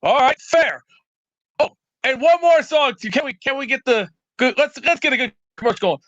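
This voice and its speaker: A man calling into a show, ranting in a brash, loud, rambling tough-guy bluster over lo-fi internet call audio. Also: extremely high pitch, lively intonation, moderate pace, no echo. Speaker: show caller. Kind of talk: comedic call-in rant. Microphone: remote internet call.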